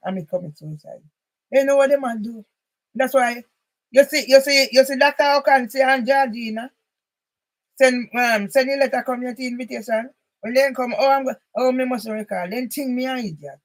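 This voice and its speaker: A woman's voice: on the high side, creaky, rough recording. A woman from Jamaica with a Jamaican accent, talking in a rambling, emphatic personal monologue that drifts into patois. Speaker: channel host.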